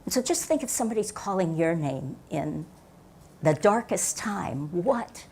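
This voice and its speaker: Older woman pastor preaching softly. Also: fairly low pitch, animated, unhurried, a little hiss or hum. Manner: reflective, varies loudness, drops to near whispers for emphasis. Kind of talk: sermon. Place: church sanctuary.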